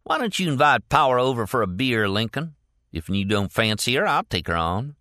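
A man voicing a coarse, ranting bigot who talks in a raised, high-pitched voice. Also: very animated, normal speed, pushed and bright, no echo, clean studio sound. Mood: pushy. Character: loud ranting bigoted Southern middle-aged man.

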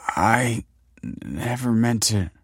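A man voicing a badly wounded, paranoid father who speaks slowly, faintly and with stammers in a dark audio story. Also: low-pitched, animated, gravelly, breathy edge, no echo, studio quality, exaggerated voice. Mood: weak, delirious.

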